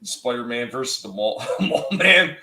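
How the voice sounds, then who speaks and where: A man's voice: mid-range voice, lively intonation, unhurried, pushed and bright. A man hosting a podcast, talking bluntly and profanely, reading out chat comments. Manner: blunt, profane, laughs often. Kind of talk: casual chat. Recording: roomy echo.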